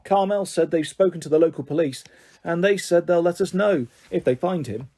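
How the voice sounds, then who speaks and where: A man's voice: fairly high pitch, moderate pace, mellow. A man voicing a middle-aged father in a storybook reading, flustered and stammering apologies.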